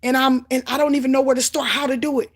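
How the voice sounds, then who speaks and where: High husky woman preaching her testimony, fervent, repeats herself for emphasis, gets loud then drops low. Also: flat delivery, fast talker. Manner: fervent, swings between loud exclamations and low asides; emphatic repetition. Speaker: Christian author sharing testimony.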